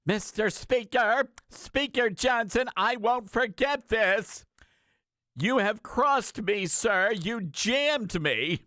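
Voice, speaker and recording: A man doing a mocking impression of a fussy, indignant male senator with a high, drawn-out Southern accent. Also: animated, sharp tone, dry recording, exaggerated voice.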